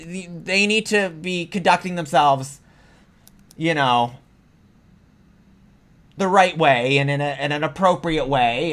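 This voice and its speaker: A man's voice: sits high, fairly bright tone. A man hosting a vlog, delivering a heated, profane reaction rant. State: sweaty after ranting. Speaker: political commentary vlogger.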